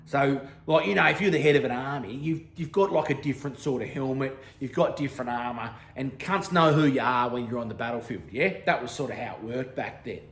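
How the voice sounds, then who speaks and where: Aussie man, crude comic storyteller, high voice, constant swearing, echoey room. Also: a bit bright. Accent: Australian. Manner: sweary slang, keeps checking in with "right?".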